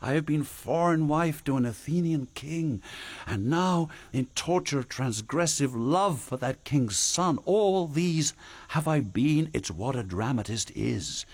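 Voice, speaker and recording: An actor playing a haunted dramatist, delivering a brooding, declamatory radio drama monologue. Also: male voice, on the high side, lively intonation, slow pace. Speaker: aging dramatist. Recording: music underneath.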